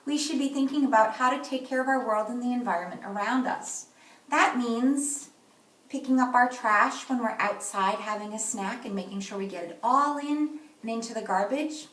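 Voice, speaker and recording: A woman teaching a kindergarten class remotely, speaking slowly and clearly. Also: on the high side, a bit bright, recorded from a distance. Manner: slow, clear, instructive delivery. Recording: echoey room, voice from off-mic.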